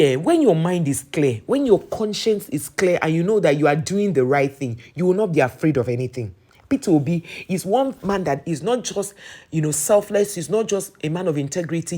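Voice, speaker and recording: A young woman with a Nigerian accent, telling a political story in casual, animated commentary full of restarts. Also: on the low side, moderate pace, husky.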